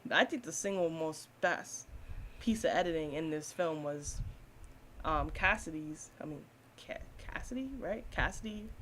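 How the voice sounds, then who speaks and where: A woman's voice: lowish voice, fairly bright tone, slight background noise. A woman giving a casual, blunt spoken film review, swearing freely and laughing often.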